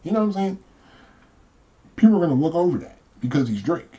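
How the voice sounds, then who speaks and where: A man's voice: on the high side, very animated, quick pace, mellow. A man hosting a reaction commentary, talking casually and often asking rhetorical questions. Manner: conversational, repeats himself, asks rhetorical questions. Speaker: host commentator. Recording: dull lo-fi audio.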